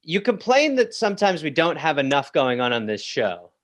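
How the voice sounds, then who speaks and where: A man's voice: a little high, sing-song, normal speed, a bit bright. A man hosting a comedy podcast, teasing his mother and guest in casual chat. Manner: teasing, playful. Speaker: podcast host.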